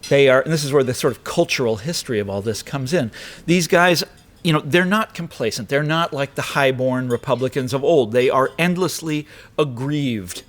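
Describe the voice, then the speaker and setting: Here a man with a mid-range voice and normal speed gives a political address in a lecture hall. He speaks with emphasis and rhetorical flair, adding wry comments along the way.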